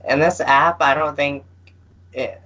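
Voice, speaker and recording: A man's voice: a little high, fairly even intonation, bright, forceful tone, lo-fi sound. A man co-hosting a podcast in casual chat, hesitant and full of fillers. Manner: slow and hesitant, with many fillers. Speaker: podcast co-host. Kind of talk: casual chat about games.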